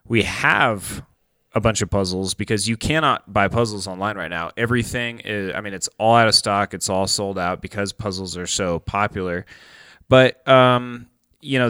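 Low, smooth-voiced rambling podcast host. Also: male voice, fairly bright tone, no room sound. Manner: rambling, filler-heavy, enthusiastic. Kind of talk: casual podcast chat.

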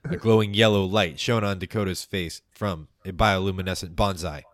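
A man with a very low, deep voice narrates a tabletop adventure as game master, in a measured and playful storytelling manner. He also delivers the podcast's announcements and sign-off. The sound is dry and close, with no room to it. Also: steady tone, dry recording.

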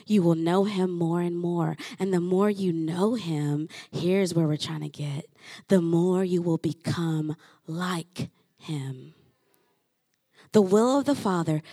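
A woman pastor preaching a sermon in an animated way, acting out the voices of her listeners. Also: medium pitch, no echo, studio quality. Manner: animated, acts out listeners' voices with rising exclamations.

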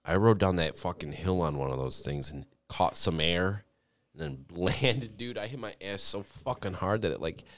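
A man's voice: moderate pace, a crowd in the background. A man telling rowdy stories in casual chat, swearing a lot, laughing and squealing out other people's lines. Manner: profane, laughing storyteller; acts out voices with high squeals.

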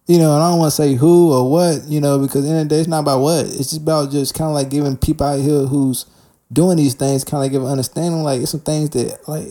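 A man's voice: a little high, mellow. A young man giving a candid spoken testimony about his faith, in street slang, often restarting and calling the listener man or bruh. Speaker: Christian speaker sharing testimony.

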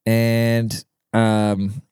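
A man's voice: lowish voice, completely flat delivery, drawn-out words, a little mellow, clean tone, no room sound, clean studio sound. A man hosting a podcast in a rambling, crude and profane casual monologue. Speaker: podcast host.

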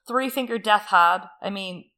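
A woman co-hosting a podcast, recapping a book in casual chat with animated, jokey asides. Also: medium pitch. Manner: animated, chatty, quick asides and jokey quoted voices. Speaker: podcast co-host.

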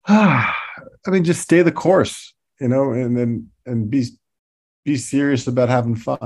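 A man as a podcast guest, telling stories in a relaxed way with laughs and fillers. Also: mid-range voice, measured pace, slightly rough. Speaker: podcast guest, toy designer. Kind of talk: casual interview.

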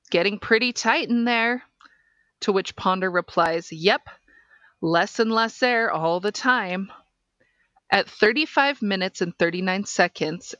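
A woman podcast host reading a case transcript aloud in a measured, deliberate way. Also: mid-range voice, fairly bright tone, no echo.

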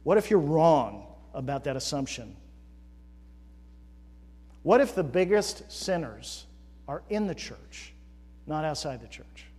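Emphatic preacher in a reverberant hall. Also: male voice, on the high side, breathy edge. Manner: builds from quiet reflection to loud emphatic questioning. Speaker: pastor. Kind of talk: sermon.

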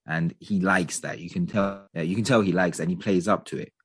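A man co-hosting a podcast, chatting casually and giving animated opinions with plenty of hedging. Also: low-pitched, a little fast, breathy edge, no room sound. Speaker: podcast co-host.

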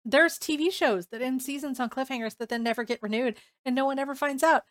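A woman's voice: high voice, quick pace, dry recording. A woman talks books in a loose, casual podcast chat and slips into little acted-out reactions as she goes. The sound is dry and close, with no room around her. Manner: animated, acts out her own reactions. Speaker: podcast co-host.

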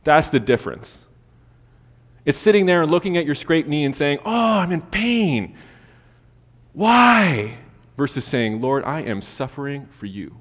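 A man preaching a sermon, telling a casual personal story full of fillers before turning to scripture. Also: mid-range voice. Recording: long hall reverb.

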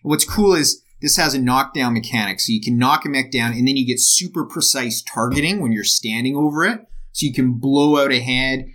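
A man's voice: medium pitch, brisk, few pauses, fairly bright tone. A man co-hosting a casual podcast, talking enthusiastically and rambling with lots of fillers. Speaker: podcast co-host. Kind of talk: casual chat.

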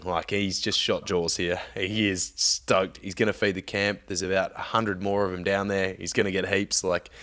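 A man's voice: sits low, a bit bright. A man casually telling a story on a podcast, laid-back, swearing often and laughing along.

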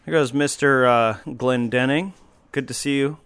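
A man's voice: mid-range voice, fairly even intonation, moderate pace, a bit bright, smooth, no room sound. A man hosting a casual talk show from a coffee shop, rambling along with frequent fillers and wry asides. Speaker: podcast host. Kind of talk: casual conversational chat.

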